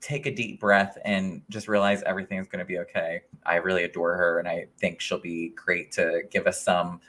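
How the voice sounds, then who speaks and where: Brief: male podcast co-host, low-ish bright voice, teasing jokes. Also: little pitch movement, a little fast. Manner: teasing, joking interjections. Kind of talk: casual chat.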